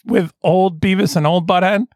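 Male podcast host, excitable, bouncy high delivery, recorded dry. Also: normal speed, no room sound. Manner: excitable, laughs often, restarts sentences. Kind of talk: casual comedy podcast chat.

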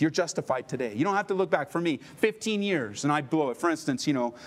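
A middle-aged male pastor preaching a sermon with emphatic delivery and playful asides. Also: medium pitch.

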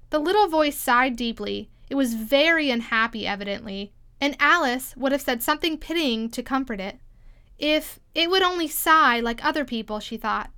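A woman reading a classic children's story aloud in a gentle, measured storytelling manner. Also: sits high, lively intonation, clean tone. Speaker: audiobook reader.

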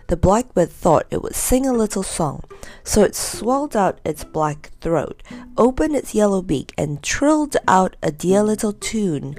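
A woman narrating a children's story in a gentle, measured reading. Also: mid-range voice, sing-song, soft background music.

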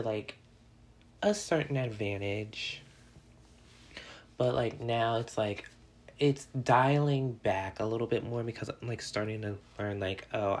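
A person in their twenties hosting a casual solo podcast, rambling and candid, dropping "like" into almost every phrase and joking with the listeners. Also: mid-range voice. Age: 20s. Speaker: podcast host.

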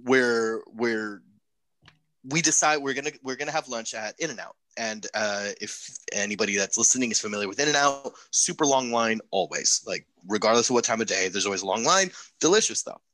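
A young man casually telling a profane, animated story on a podcast. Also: medium pitch, brisk, dry recording.

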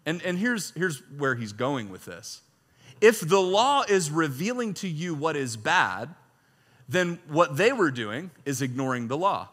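Male pastor, sermon delivery, animated and bright, reads scripture with force, laughs between points. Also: fairly high pitch, a little slow, long reverb tail. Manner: animated preaching, reads scripture loudly, jokes and chuckles.

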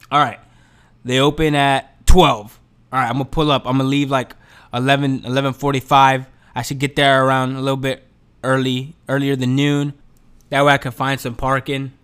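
A man's voice: medium pitch, a bit bright, smooth. A man ranting casually and profanely, exasperated and full of slang.

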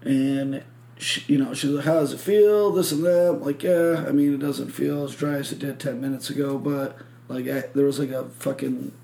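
A man's voice: mid-range voice, level tone, moderate pace, creaky, warm tone. A man from Michigan hosting a podcast, telling a rambling story full of swearing and acted-out quotes. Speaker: podcast host. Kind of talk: casual chat.

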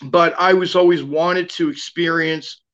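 A man's voice: on the high side, fairly even intonation, measured pace, fairly bright tone, muffled recording. A man guest telling a long personal story in casual talk, rambling with lots of fillers and restarts.

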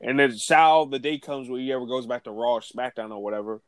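A man chatting casually on a podcast in a relaxed, easygoing way with plenty of filler words. His voice sits in a middle pitch. The recording is dry and close, with no room around it. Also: fast talker, no room sound. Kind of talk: casual wrestling podcast chat.

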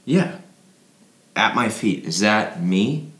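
A man acting out a drunk, rambling friend who pesters with strange questions, his voice bright and full of lively swoops. It rings in an echoey room. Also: on the low side, slow pace. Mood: probing. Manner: rambling, probing questions, bursts into mock yelling. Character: drunk philosophizing man, Pete, playful and needling. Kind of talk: audio drama acting.

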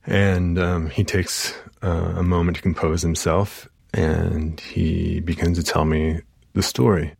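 Deep, gravelly man recalling a session. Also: little pitch movement, a little mellow, no room sound, studio quality. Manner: halting, emotional retelling with fillers. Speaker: therapist. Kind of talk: personal storytelling.

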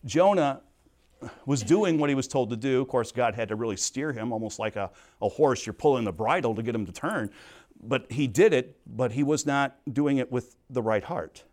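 A man's voice: mid-range voice, lively intonation, moderate pace, darkish tone. A middle-aged man teaching a Bible study at a Christian camp, earnest and conversational, with plain storytelling asides.

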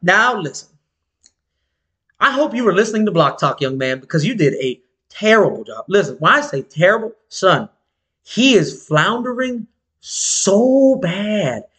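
A man's voice: high voice, a little slow. A man telling a story in a casual chat, slangy and profane, acting out the voices of the people in it. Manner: animated, slangy and profane, acts out quoted voices. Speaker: podcast co-host telling a story.

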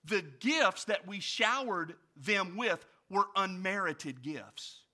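A male pastor preaching a sermon, asking his congregation direct questions and swinging from loud storytelling to quiet reflection. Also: high-pitched, slow. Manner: animated storytelling, rising loud for anecdotes, dropping quiet for reflection.

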